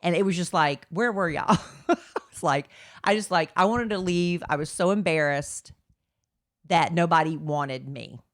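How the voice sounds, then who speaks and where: A middle-aged woman, co-hosting a podcast and telling a story in a lively, animated way. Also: fairly low pitch, moderate pace, dry recording, clean studio sound. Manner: animated storyteller, acts out quoted voices. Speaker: podcast co-host. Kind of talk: casual chat, telling a story.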